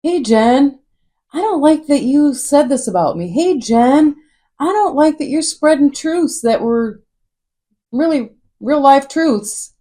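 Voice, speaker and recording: A woman's voice: high voice, animated, slow, mellow, pitched above the performer's own voice. A woman imitating assorted people who send her pushy messages, in a mocking, overly sweet sing-song.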